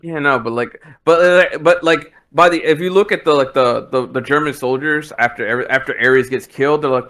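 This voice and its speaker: A man's voice: mid-range voice, fairly even intonation, moderate pace, fairly bright tone. A man co-hosting a casual movie review podcast, rambling with restarts and acting out quotes. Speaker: podcast co-host.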